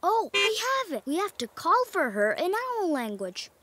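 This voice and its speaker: A woman's voice: very high-pitched, very animated, a little slow, a bit bright, exaggerated voice. A woman voicing a cheerful young male magical truck in a children's cartoon, upbeat and eager, talking to the kids.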